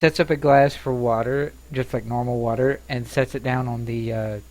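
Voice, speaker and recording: A man's voice: mid-range voice, steady tone, normal speed, a little mellow, rough recording. A man narrating a tabletop game as game master, hesitant and full of ums. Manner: hesitant, with many ums and uhs.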